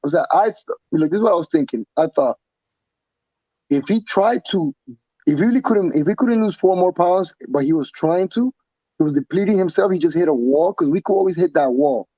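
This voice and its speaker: A man, a professional fighter being interviewed, talking casually in an animated, profane way with many restarts and repeats. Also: on the high side, brisk, no room sound, dull audio. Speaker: pro fighter guest.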